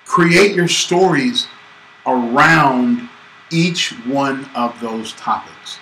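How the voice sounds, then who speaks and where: A man's voice: medium pitch, takes it slowly, a little hiss or hum. A man from Georgia in the United States, talking casually to teach business skills and acting out voices as he tells a story. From Georgia, USA. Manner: animated, acts out voices in stories. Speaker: business coach host. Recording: echoey room with faint ambience.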